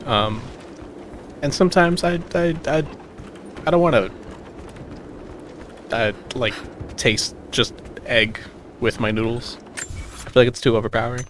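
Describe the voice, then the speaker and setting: Chatting casually over his game stream, this American man speaks a little slowly with long pauses in a mid-range, slightly bright voice. There's slight background noise, and he restarts sentences often, curses freely and laughs easily.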